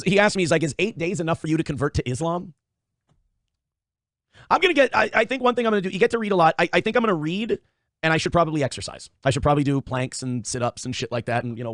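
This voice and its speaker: A man's voice: on the high side, no room sound, clean studio sound. A man hosting a casual livestream, reading out viewer donations and rambling in a profane, self-interrupting way. He is a father of young kids. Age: adult father of young children. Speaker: livestream host.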